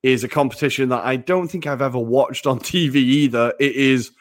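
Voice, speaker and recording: A man's voice: medium pitch, brisk. A man co-hosting a casual football podcast, laughing often, swearing casually and poking fun at himself. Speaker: podcast co-host.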